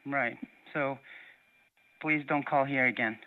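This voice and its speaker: A man making a prank call, answering in flat, repetitive short taunts. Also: medium pitch, slow. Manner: deadpan, repeats the same short taunts. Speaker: prank caller. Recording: dull lo-fi call audio.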